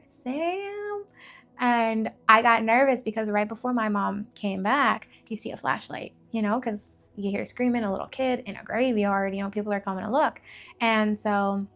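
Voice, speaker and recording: A young woman telling her own life story with candor and emotion, full of fillers and restarts. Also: mid-range voice. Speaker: faith vlogger. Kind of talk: personal testimony.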